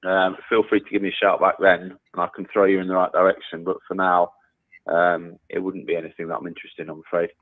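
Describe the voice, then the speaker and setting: A man's voice: deep voice, flat delivery, quick pace. Polite man over a tinny phone line. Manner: polite, hesitant, laid-back. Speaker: prospect on a phone call.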